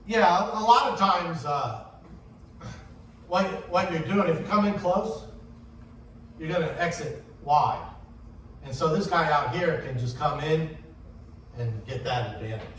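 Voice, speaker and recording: A man teaching sailing racing tactics in a casual, anecdotal way, often acting out what other sailors shouted. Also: fairly high pitch, measured pace, long pauses. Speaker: sailing instructor. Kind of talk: casual classroom talk on racing rules. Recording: echoey room, distant mic, faint hiss.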